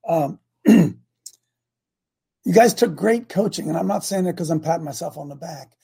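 An older man with a gravelly, husky voice hosts a morning talk show, preaching in a folksy, emphatic style. He's animated and a little slow, pushing some lines loud and dropping others low for effect, while staying plainspoken and conversational.

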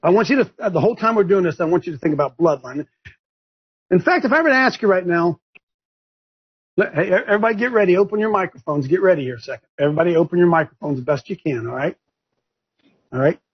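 A man leading a preaching-style group discussion on a video call, addressed as coach, animated and repetitive as he calls on listeners one by one. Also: high voice, quick pace, pauses often, breathy edge. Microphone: video call microphone. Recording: muffled video call audio.

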